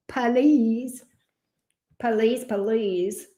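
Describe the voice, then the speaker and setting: A woman's voice: fairly high pitch, lively intonation, takes it slowly, fairly bright tone. A woman hosting a casual livestream. She greets viewers by name and coos affectionately over her dog. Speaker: tarot reader hosting a livestream. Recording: roomy echo.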